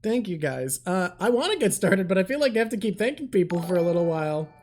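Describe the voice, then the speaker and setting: A woman hosting a live stream in casual chat, excitable, swearing, and talking in rushed bursts while thanking viewers. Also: fairly low pitch, slight background noise. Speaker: livestream host.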